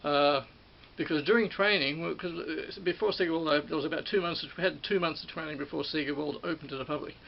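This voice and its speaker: A middle-aged Australian man, once a ride operator, rambles casually about his old job, often repeating and correcting himself. His voice is a little high and creaky, brisk with hardly any pauses. The recording sounds dull with faint hiss.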